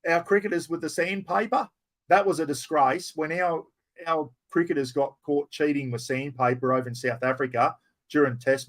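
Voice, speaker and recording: An older Australian man answering viewers' chat questions on a live stream, blunt and blokey, swearing casually and calling everyone mate. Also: mid-range voice.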